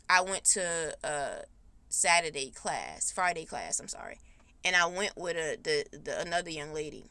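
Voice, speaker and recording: A woman's voice: lowish voice, gravelly, pushed and bright. Blunt, heated woman storyteller. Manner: blunt, heated, profane, rising to indignant outbursts. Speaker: podcast host telling her story. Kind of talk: casual storytelling.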